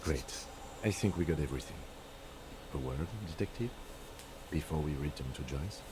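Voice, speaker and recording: An actor playing a calm, precise male police lieutenant, speaking in a measured, dry and formal way in a video game. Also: very deep voice. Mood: composed. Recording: game audio with clear background noise.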